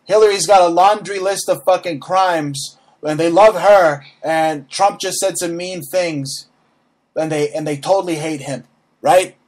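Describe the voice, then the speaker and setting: A man's voice: on the high side, a little slow, a little mellow. A man hosting a talk show, ranting in a brash, mocking way, swearing freely and checking in with "okay?" over and over. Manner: repeats "okay?" and restarts often, mocks voices in quotes. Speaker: host. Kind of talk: profane comedic political rant.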